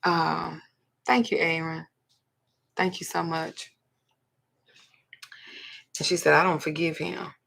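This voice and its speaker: Outspoken female spiritual host, low husky voice with fry. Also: little pitch movement, slow, pauses often, a bit bright. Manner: blunt and profane, retelling a client's story. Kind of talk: livestream talk.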